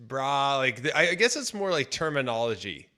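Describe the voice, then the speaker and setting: Male sports-radio co-host, bright, punchy tone, gushing and chatty. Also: mid-range voice, sing-song, moderate pace. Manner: enthusiastic, filler-heavy. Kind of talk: casual morning radio chat. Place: radio studio.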